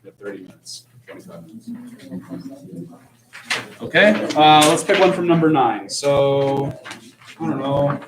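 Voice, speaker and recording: A math teacher with a fairly high, animated voice explains calculus problems a little slowly, pausing often and joking in a casual, conversational way. The classroom is echoey, the mic is distant, and background noise is present.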